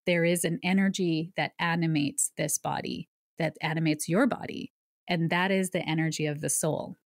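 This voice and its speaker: A low-voiced woman, a psychic medium on a podcast, talks at an ordinary pace, sincerely sharing her story and explaining concepts conversationally with some spirited asides. The audio is studio quality and echo-free.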